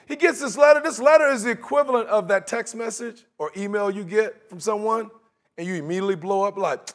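A man with a high voice preaches a sermon at a brisk pace, keeping it conversational and animated. He acts out quotes and laughs along with his own points.

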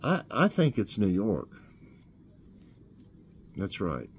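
A man hosting a casual trivia show, reading questions aloud and thinking out loud as he guesses. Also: on the low side, huge pitch swings, slow pace, slightly rough. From Tennessee. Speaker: host.

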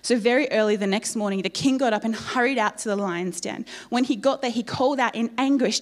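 A woman preaching a sermon in church, telling the story in a lively way with playful asides to the congregation. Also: fairly high pitch, a little fast, few pauses.

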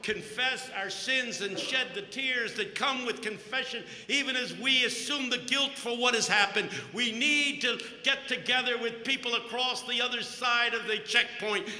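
A man's voice: extremely high pitch, normal speed, few pauses. A man preaching a humorous sermon at a conference, telling stories with jokes in an echoey hall. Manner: joking, animated storytelling. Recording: echoey hall, long reverb.

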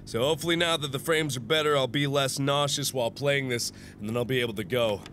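A young man playing a horror game and commenting, sick and nauseous, swinging between shrieked curses and low, worn-out muttering. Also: quick pace, fairly bright tone, a little hiss or hum. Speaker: gaming YouTuber. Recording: game music behind.

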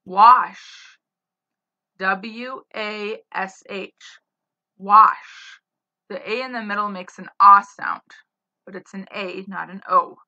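Woman, spelling teacher, crisp bright tone, careful letter-by-letter dictation. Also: medium pitch, fairly even intonation, unhurried. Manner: spells words letter by letter, then gives example sentences. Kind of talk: slow dictation of spelling words. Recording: slightly dull lo-fi sound.

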